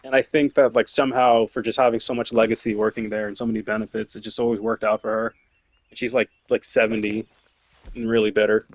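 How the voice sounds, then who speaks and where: A young male streamer tells work stories while gaming, rambling casually, swearing, laughing often and using many fillers. His voice is lowish, fast and fairly flat in pitch, with no echo.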